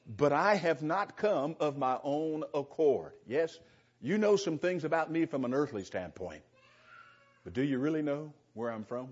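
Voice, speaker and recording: A middle-aged man teaching through scripture in an easygoing sermon, his voice a little husky and pitched slightly high for a man. He chuckles often and restarts phrases as he thinks aloud. The recording sounds dull and lo-fi. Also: animated, moderate pace. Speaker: preacher. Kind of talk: sermon, verse-by-verse Bible teaching.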